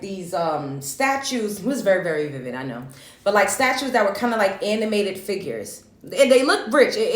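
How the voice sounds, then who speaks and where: A woman, hosting her show and telling a dream story in a chatty, animated way. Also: mid-range voice. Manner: animated, chatty, lots of fillers. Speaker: show host. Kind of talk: casual storytelling about a dream. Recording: echoey room.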